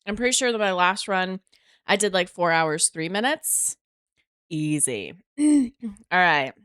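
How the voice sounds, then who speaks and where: A woman's voice: lowish voice, sing-song, unhurried, fairly bright tone, clear, resonant tone, dry recording, clean studio sound. A woman streaming a game live, chatting casually to her viewers, swearing freely and talking to herself as she plays.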